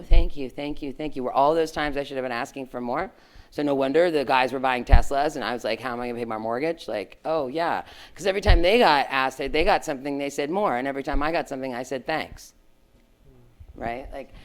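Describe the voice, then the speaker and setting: A middle-aged woman, a former tech executive, telling a story to students in a frank, animated way, full of "like" and "right?". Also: a bass voice. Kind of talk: candid storytelling talk to students.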